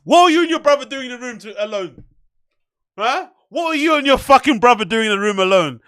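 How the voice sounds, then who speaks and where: A man's voice: very high voice, animated, fairly quick, fairly bright tone, no echo, studio quality. A man hosting reaction commentary, mocking, profane and exasperated. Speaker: show host.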